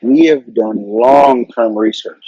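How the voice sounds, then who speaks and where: A middle-aged man speaks in a husky, breathy voice, earnest and advice-giving, and often repeats words as he goes. The sound is dry and dull, like a lo-fi recording. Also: mid-range voice, takes it slowly, mellow, dry recording. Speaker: interview guest, corporate marketing executive. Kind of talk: casual conversational interview.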